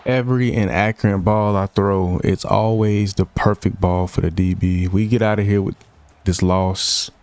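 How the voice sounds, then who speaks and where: A man's voice: deep voice, steady tone, moderate pace, darkish tone. A young man giving casual commentary over a football video game, often frustrated and venting as he plays. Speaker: gaming YouTuber.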